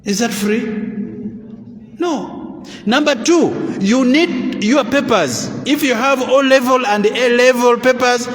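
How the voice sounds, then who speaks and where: A man's voice: very high voice, slow pace. A man with a Ugandan English accent giving a public speech to a gathering and arguing his point with rhetorical questions. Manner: argumentative, full of rhetorical questions. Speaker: Muslim council official addressing a gathering. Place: large echoing hall at a school event. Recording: echoey hall with long reverb.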